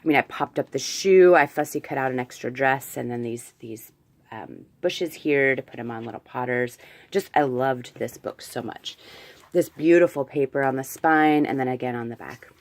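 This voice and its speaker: A woman's voice: very deep voice, normal speed. A woman chatting casually as she shows off a handmade craft album, gushing and correcting herself as she goes. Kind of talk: casual show-and-tell vlog.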